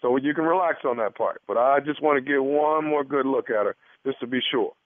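A man's voice: mid-range voice, fairly quick, no room sound, natural voice. A man playing a smarmy, creepy doctor on a prank phone call, hesitant and stammering with many restarts. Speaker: prank caller. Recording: tinny phone line.

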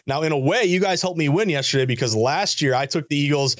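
A man talking as a sports betting analyst guest in quick, energetic, chatty sports betting banter. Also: on the high side, no room sound, muffled recording. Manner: fast, energetic, chatty delivery. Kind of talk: casual sports betting talk.

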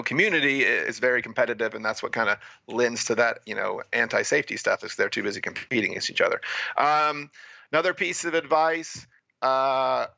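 A man from the United States, a guest telling stories in an animated, chatty way and checking in with "right?" as he goes. His voice is gravelly and forceful, recorded close and dry with no room around it. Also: medium pitch, dry recording, highs cut off. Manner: animated, frequent "right?" and "you know" asides. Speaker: guest, freediving and spearfishing instructor. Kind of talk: casual storytelling interview.

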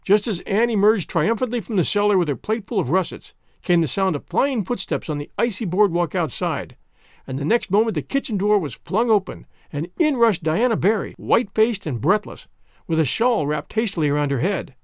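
A man reads a story aloud with a lively, expressive delivery, his voice climbing and falling freely. He sits high for a man. The sound is dry and close, with no room around it. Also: brisk, no room sound. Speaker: narrator. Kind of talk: audiobook narration.

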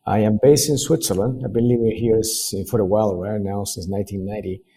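Husky low-voiced middle-aged man from Peru. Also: fairly even intonation, warm tone. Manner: measured, hesitant, with fillers and restarts. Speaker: guest, sales director. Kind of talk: casual interview chat.

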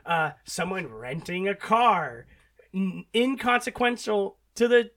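Guy with a high voice hosting a podcast, laughs a lot, swears, retells scenes with energy. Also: slow, a bit bright. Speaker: podcast host. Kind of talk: casual chat.

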